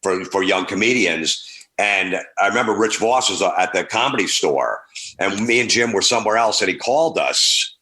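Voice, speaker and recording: Brief: male stand-up comedian guest, lower pitch, bright tone, animated storytelling. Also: moderate pace. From New York. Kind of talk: casual anecdote telling.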